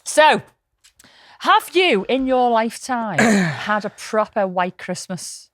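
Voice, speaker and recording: A woman's voice: on the high side, slow pace, no room sound, studio quality. A woman, co-hosting a casual podcast and telling anecdotes with plenty of swearing. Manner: swearing, storytelling, lively anecdotes. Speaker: podcast co-host.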